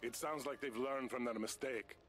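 Brief: male actor as a grave, solemn game character, mid-pitched, measured. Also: a bit bright, soft background music, natural voice.

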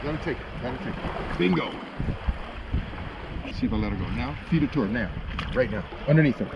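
A man's voice: mid-range voice, lively intonation, fairly quick, gravelly. Man giving instructions over wind noise. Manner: directive, instructing. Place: outdoors on a boat in the sea. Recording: muffled outdoor audio with loud wind noise.

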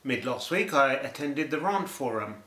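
A man's voice: mid-range voice, expressive, normal speed, a bit bright. A man with a playful, jokey manner, talking casually in a video blog. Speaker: vlogger. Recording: roomy echo.

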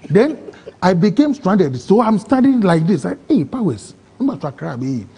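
Husky high-voiced Ghanaian man. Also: moderate pace. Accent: Ghanaian English. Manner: excitable, acts out quoted voices, broken phrasing. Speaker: interview guest. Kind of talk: emotional personal storytelling.

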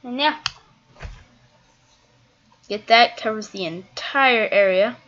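Chatty gamer thinking aloud, lo-fi mic. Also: female voice, on the high side, slow, a bit bright. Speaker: gaming video creator. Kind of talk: casual gameplay commentary. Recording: dull lo-fi mic.

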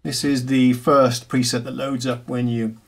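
A man hosting a piano channel, talking casually to camera about his software in a chatty, self-mocking way. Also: mid-range voice, level tone, a little slow.

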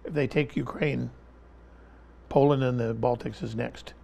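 A man's voice: mid-range voice, fairly even intonation, measured pace, creaky, mellow. A man speaking as an interview guest, giving impassioned political commentary in an emphatic style, pressing the same point again and again and talking over interruptions.

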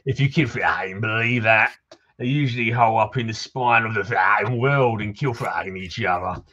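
A man voicing a gruff, swearing townsman from a game, his accent wandering as he reads. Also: lowish voice, normal speed, sharp tone, highs cut off. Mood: grumbling. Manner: curses constantly, drifting between accents. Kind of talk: reading game dialogue aloud.

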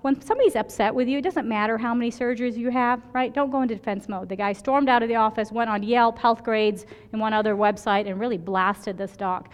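A woman's voice: on the high side, fast talker, hardly any pauses, big-room sound. A woman emergency physician giving a conference lecture, telling stories from her work and often checking in with "right?". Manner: chatty, storytelling, keeps asking "right?".

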